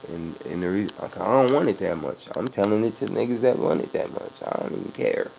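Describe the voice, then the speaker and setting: Speaking fairly quickly with lively intonation, a Bay Area rapper's lowish, warm voice carries a creaky edge. He chats loosely and profanely in a casual interview, frequently starting over, and the muffled lo-fi audio has a faint hum.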